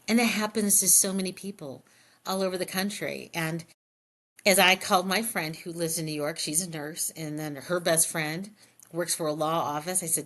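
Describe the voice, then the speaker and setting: A woman's voice: sits low, fairly quick, fairly bright tone. A middle-aged woman, a health plan president, speaking candidly in an interview and telling stories with quoted dialogue. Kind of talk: conversational interview storytelling.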